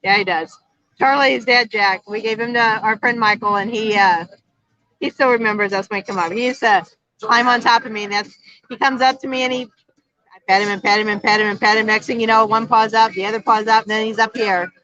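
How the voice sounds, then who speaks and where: Chatty middle-aged woman, bright voice. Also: fairly high pitch, fairly even intonation, a little fast, dry recording. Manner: chatty, laughs often. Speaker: vlog co-host. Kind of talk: casual livestream chat. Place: outdoor patio at a bar. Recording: dull lo-fi phone stream.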